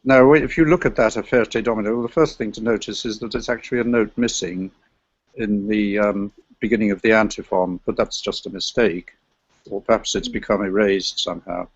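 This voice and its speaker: A man presenting an academic paper on medieval chant, speaking in a scholarly, digressive way with a gravelly voice. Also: fairly low pitch, steady tone, normal speed, no room sound, dull audio.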